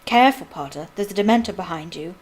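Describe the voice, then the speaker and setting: A woman's voice: fairly low pitch, lively intonation, fast, slightly rough, poor audio. A woman voicing an arrogant teenage schoolboy who speaks in a sneering, mocking way.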